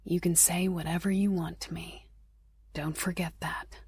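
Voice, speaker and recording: A woman narrator voicing a bossy, teasing male sheriff in an audiobook, in a low, hushed and commanding tone. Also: level tone, a little slow, creaky, slightly rough, no room sound, full character voice. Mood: tender.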